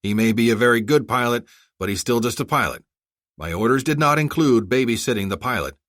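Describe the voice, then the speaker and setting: A man voicing a blunt male special-forces master sergeant who speaks flatly and dutifully. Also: mid-range voice, brisk, no room sound, clean studio sound, voice pushed up, natural voice. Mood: firm. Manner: flat and dutiful.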